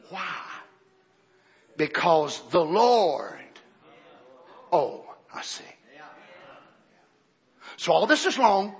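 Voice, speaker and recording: A preacher delivers a sermon in a church, his very high, bright voice swinging widely in pitch and climbing into shouted peaks. He mixes folksy asides with fiery outbursts. The recording is dull and lo-fi, with a faint congregation behind him. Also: huge pitch swings, drawn-out words, long pauses, husky.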